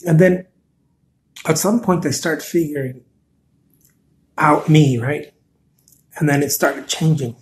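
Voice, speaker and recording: A man's voice: on the high side, takes it slowly, pauses often, a little hiss or hum. A man hosting a casual live stream, talking earnestly and encouragingly, often repeating words and answering viewer comments.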